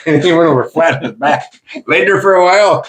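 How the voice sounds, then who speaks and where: Older man telling lively anecdotes. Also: on the high side, fairly quick, low-quality recording. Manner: animated, laughing anecdotes. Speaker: podcast host. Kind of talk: casual storytelling.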